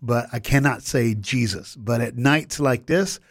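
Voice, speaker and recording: A man's voice: medium pitch, no echo. An American man, a motivational speaker, telling stories with acted-out quotes in a radio studio interview. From United States. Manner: fast, emphatic storytelling with acted-out quotes.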